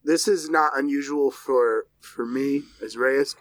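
A man's voice: medium pitch, a little slow, no room sound. A man playing a tabletop game, casually describing his character's actions. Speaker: player.

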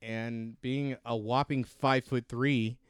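A man's voice: mid-range voice, flat delivery, slow pace, a little hiss or hum. A man co-hosting a podcast, telling rambling stories about his old playing days and correcting himself as he goes. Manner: rambling, self-correcting storyteller. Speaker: podcast co-host. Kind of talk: casual chat.

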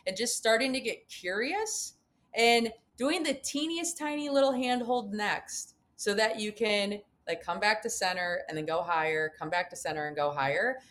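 A woman's voice: mid-range voice, fairly bright tone. A woman guest on a podcast interview, telling a personal climbing story and acting out her own reactions.

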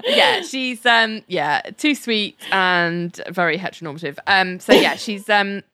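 A woman's voice: medium pitch, sing-song, measured pace, pushed and bright, no room sound. A woman co-hosting a podcast, casually recapping a TV episode, quoting the characters in put-on voices and laughing often. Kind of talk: casual chat.

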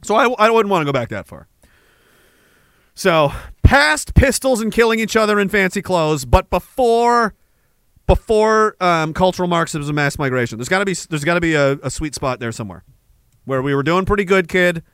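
A man's voice: high-pitched, expressive, normal speed, a bit bright, clean tone, no echo. A man hosting a podcast, ranting crudely and sarcastically and reading out chat comments. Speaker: podcast host. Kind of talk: casual livestream rant.

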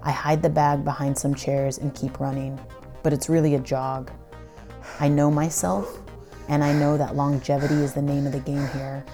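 A woman's voice: deep voice, little pitch movement, moderate pace, mellow, soft background music. A woman telling a first-person story in a breathless, dramatic way, swearing now and then.

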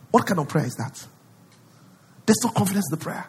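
A male pastor preaching a sermon, acting out prayers in a pleading voice and rising to loud declarations. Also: sits high, expressive, fairly quick, husky.

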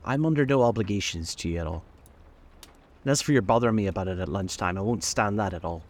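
Audiobook casting: deep-voiced man as a gruff, blustering, burly wealthy bully, brisk delivery. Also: lively intonation, a little mellow. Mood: annoyed. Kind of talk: audiobook reading.

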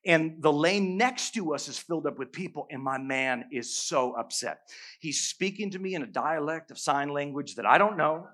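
A middle-aged male pastor preaching a sermon, telling a story with humor and animated bursts. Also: fairly high pitch, moderate pace.

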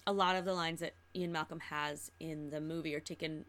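A woman's voice: low voice, steady tone, normal speed, fairly bright tone. A young woman co-hosting a podcast in casual chat, with a dry, teasing wit. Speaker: podcast co-host.

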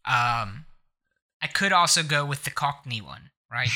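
A man's voice: mid-range voice, lively intonation, a little slow, sharp tone. A man co-hosting a podcast, talking casually with lots of fillers. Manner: rambling, filler-heavy, giggly. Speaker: podcast co-host. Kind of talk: casual chat.

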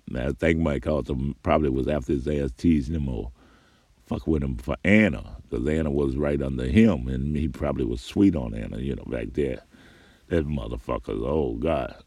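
An older man with a very low, gravelly voice tells a loose, profane story from his past. He rambles with fillers and swearing, and the sound is dry and close. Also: moderate pace, warm tone, no room sound. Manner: rambling, profane, laughs between phrases. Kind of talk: casual spoken memoir.

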